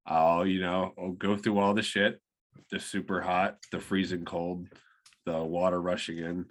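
A tipsy man on a podcast chatting about a movie, laid-back and wry, with halting restarts. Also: low voice, little pitch movement. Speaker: podcast co-host. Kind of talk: casual movie chat.

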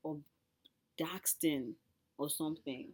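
A woman's voice: deep voice, slow, darkish tone. A young woman co-hosting a casual chat, retelling gossip in a wry, sarcastic way. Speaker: podcast co-host.

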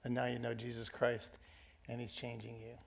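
A man's voice: medium pitch, completely flat delivery, normal speed, gravelly. A man leading church testimony time as pastor, encouraging and affirming the speakers. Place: church sanctuary.

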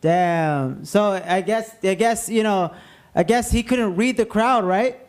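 A man's voice: sits high, takes it slowly, very noisy. A man hosting a podcast, joking around, laughing often and swearing casually. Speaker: podcast host. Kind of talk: casual chat.

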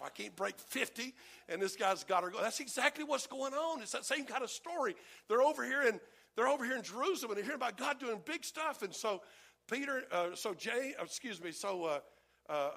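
Gravelly high-voiced preacher. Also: male voice, a bit bright. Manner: folksy, acts out voices of the people in the story. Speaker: pastor. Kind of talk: animated sermon storytelling.

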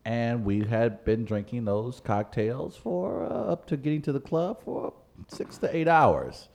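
A man hosting a podcast in casual chat, animated, with his voice jumping up when he jokes or protests. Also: measured pace. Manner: animated, jumps high when indignant or joking. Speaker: podcast host.

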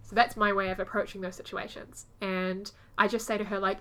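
Animated, bright-voiced woman chatting. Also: medium pitch, fairly quick, few pauses. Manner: animated storytelling, acts out quoted voices. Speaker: podcast co-host. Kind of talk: casual chat.

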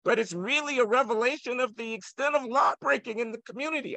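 An older man, an economist guest, arguing forcefully and provocatively in an interview. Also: very high voice, fast talker, vocal fry. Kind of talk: heated interview argument.

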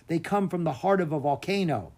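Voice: medium pitch, a little fast, darkish tone, voice pushed up, lightly acted. A narrator voicing an earnest young girl in a children's storybook, who talks in a pleading way.

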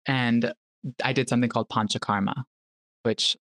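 Animated young man telling stories. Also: medium pitch, moderate pace, no echo, studio quality. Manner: animated storyteller who acts out quotes. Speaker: podcast guest. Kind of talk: casual storytelling conversation.

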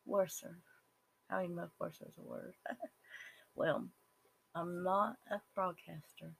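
A speaker with a Southern US accent gives an earnest, halting personal testimony, with some words dropping to a whisper. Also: medium pitch, steady tone, gravelly, a bit bright, slight background noise, poor audio. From Southern United States. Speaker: person sharing their life story.

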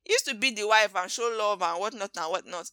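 A woman with a Nigerian accent, hosting a podcast and recapping movies in an animated, gossipy way full of slangy asides. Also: mid-range voice, a little fast, no echo. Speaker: podcast host. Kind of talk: casual movie recap chat.

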